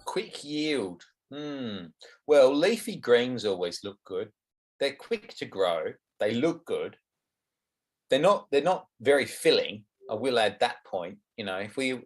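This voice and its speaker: A middle-aged Australian man answering interview questions about gardening, frank and explanatory. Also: fairly low pitch. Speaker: guest gardening expert.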